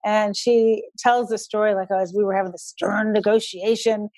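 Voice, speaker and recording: An older woman, a guest in an interview, speaking in a measured, storytelling way. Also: mid-range voice, steady tone, darkish tone, dry recording. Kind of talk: conversational interview.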